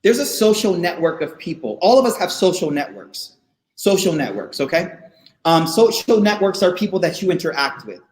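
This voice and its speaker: High-voiced man, slangy faith talk. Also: normal speed. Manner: slangy and animated, repeats phrases for emphasis. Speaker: guest speaker at a faith session for students. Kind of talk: casual faith talk to students. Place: online session, room not known. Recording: roomy echo.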